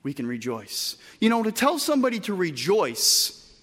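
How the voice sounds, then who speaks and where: A man preaching a sermon with emphatic delivery, moving between loud bursts and quiet, soft passages. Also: sits high, wildly swooping pitch, moderate pace, in a large hall. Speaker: pastor.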